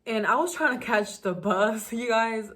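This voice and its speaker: A woman's voice: fairly high pitch, unhurried, a bit bright. A young woman from the United States telling a personal story in a casual storytime vlog. She is emotional and talks straight to her viewers. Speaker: vlogger.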